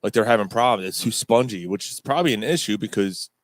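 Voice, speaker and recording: A man's voice: lowish voice, quick pace, no echo. Blunt, rambling male sports podcaster. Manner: profane, rambling, opinionated. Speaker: podcast co-host. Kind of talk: casual sports chat.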